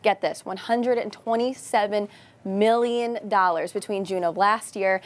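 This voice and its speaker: A woman's voice: medium pitch, fairly even intonation, unhurried. A woman news anchor reading a light segment in a playful, wry and teasing manner from a TV studio desk.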